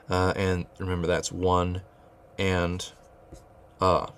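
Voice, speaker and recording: A man's voice: sits low, completely flat delivery, drawn-out words, creaky, long pauses, a bit bright, clear, resonant tone. A man teaching rhythmic solfege, explaining note beams and chanting counting syllables, often restarting his phrases. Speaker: music teacher.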